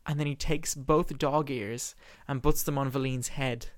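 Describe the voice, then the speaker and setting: A man animatedly retelling the scenes of a play in a casual discussion. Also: medium pitch. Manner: animated storyteller, quick and expressive.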